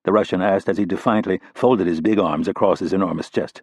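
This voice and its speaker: A male audiobook narrator with a low, husky voice, reading in a steady, even way. The sound is close and dry, with no room around it. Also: fairly quick, few pauses, no room sound. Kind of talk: scripted narration.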